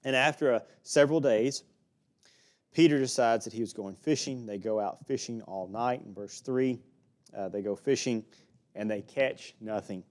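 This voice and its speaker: Male preacher with an Alabama accent, folksy expository sermon, mid pitch. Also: moderate pace, darkish tone. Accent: Southern US (Alabama). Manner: folksy, with small jokes and laughs. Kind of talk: sermon, expository Bible teaching.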